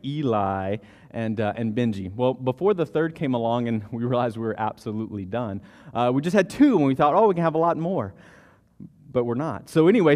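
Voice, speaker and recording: A man's voice: medium pitch, darkish tone. A man in his thirties preaching a sermon as pastor, telling stories casually with frequent restarts. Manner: conversational storytelling with repeated restarts. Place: church sanctuary. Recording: long church hall reverb.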